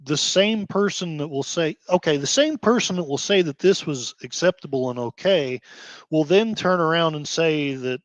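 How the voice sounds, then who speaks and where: A man hosting his own commentary show, ranting with feeling, sighing and breaking into quick heated outbursts between quieter stretches. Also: on the high side, animated, no echo. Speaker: blogger host. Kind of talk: emotional commentary rant.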